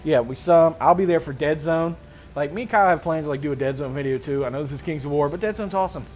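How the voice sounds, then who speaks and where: A man hosting a casual tabletop gaming chat, slangy and rambling, getting excited as he talks. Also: fairly high pitch, racing, slight background noise. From Mid-Atlantic United States. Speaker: host.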